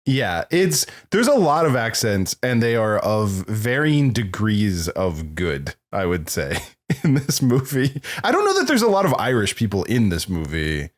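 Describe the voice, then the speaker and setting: Lively, joking male podcast host. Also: fairly low pitch, a little slow. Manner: joking, rambling with restarts. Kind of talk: casual chat.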